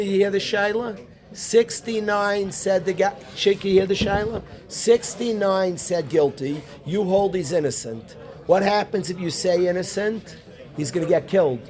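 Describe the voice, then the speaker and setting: A man, a rabbi teaching a Talmud class, animated, calling on students by name and repeating his questions. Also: high voice. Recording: room noisy with student chatter.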